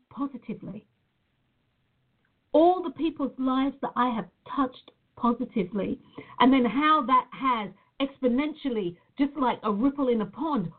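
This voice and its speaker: A woman from Nevada speaking earnestly and reflectively to her viewers, often repeating her phrases. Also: fairly high pitch. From Nevada, USA. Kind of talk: personal monologue to viewers. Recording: phone-like narrow sound.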